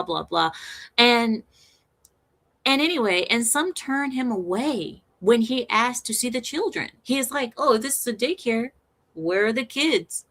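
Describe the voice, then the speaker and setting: Bright-voiced woman ranting with laughter. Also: medium pitch. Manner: animated, breaks into frequent laughter; sarcastic, mocking. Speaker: vlogger. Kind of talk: opinionated commentary monologue.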